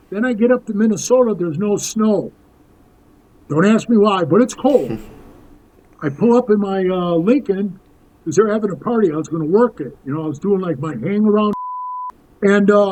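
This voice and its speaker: A man's voice: sits high, mellow, low-quality recording. A man in his sixties telling rambling, tough-talking stories as a podcast guest, calling the host "bro.". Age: 60s. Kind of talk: casual storytelling interview.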